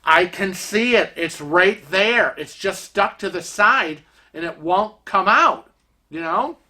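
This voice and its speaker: A man vlogging, telling a story casually with many fillers and animated, chatty delivery. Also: high-pitched, slow pace.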